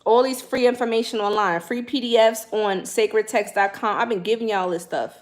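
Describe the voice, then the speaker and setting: Young new woman on a livestream, slangy and animated, talking right at her viewers. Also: medium pitch, moderate pace. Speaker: spiritual livestream host. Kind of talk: casual livestream chat.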